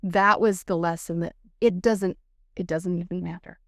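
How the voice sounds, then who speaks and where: Middle-aged woman telling her faith story, earnest and lively, lots of "like", dry close sound. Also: on the low side, normal speed, creaky, no echo. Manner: earnest, animated storytelling with many "like"s. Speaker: guest. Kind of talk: personal faith testimony.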